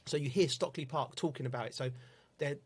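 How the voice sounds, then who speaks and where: A man's voice: a little high, fairly quick, slightly rough. A man, talking as a football pundit in loose banter with his co-hosts. He tells stories with energy, acts out the other people in them and laughs often. His voice sits a little above the usual range for a man. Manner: animated storyteller, laughs often, acts out exchanges. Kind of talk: casual chat.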